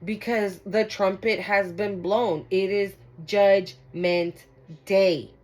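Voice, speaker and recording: A woman's voice: medium pitch, steady tone, slow, darkish tone, rough recording. Emphatic, profane woman tarot reader. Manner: emphatic, repetitive, profane, addresses viewers directly. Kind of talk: casual spiritual card reading.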